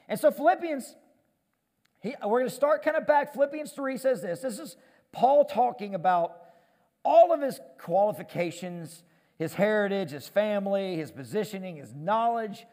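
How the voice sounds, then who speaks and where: A man preaching a sermon on stage as pastor, animated and self-deprecating, often repeating words as he gets going. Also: high voice, normal speed, in a large hall. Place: church stage.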